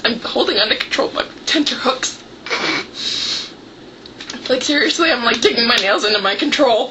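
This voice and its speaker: A woman book vlogger chatting casually to camera, giggly and tearful with excitable outbursts, recorded at home on a camera microphone. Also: high-pitched, normal speed, long pauses, very noisy. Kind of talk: casual vlog chat.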